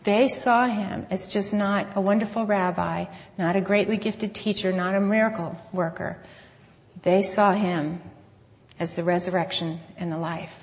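A woman's voice: mid-range voice, steady tone, darkish tone. Earnest woman speaking in a reverberant hall. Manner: earnest, measured, reflective. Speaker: conference speaker. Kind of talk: Christian talk with scripture reading. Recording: long hall reverb, dull lo-fi sound.

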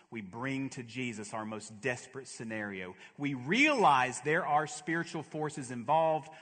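Preaching man in a reverberant hall. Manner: dynamic preaching, drops to hushed lows and rises to fervent peaks. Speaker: pastor. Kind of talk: sermon.

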